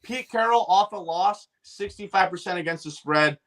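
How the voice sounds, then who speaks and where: This sports betting show host fires off his picks in a cocky, punchy rant full of catchphrases. He speaks at a moderate pace in a high-pitched, slightly bright voice.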